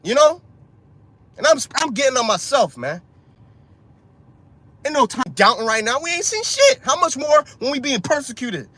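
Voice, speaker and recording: A man's voice: extremely high pitch, sing-song, moderate pace, pauses often, bright, forceful tone. A man preaching an informal street sermon, urgent and profane, ending lines with "man" and "bro".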